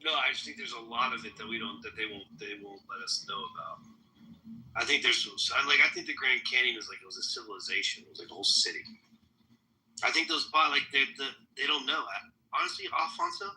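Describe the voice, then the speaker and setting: A man's voice: mid-range voice, sing-song, fast talker, bright, forceful tone, a little hiss or hum, poor audio. A man hosting a casual political talk podcast, rambling, emphatic and profane. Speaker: podcast host.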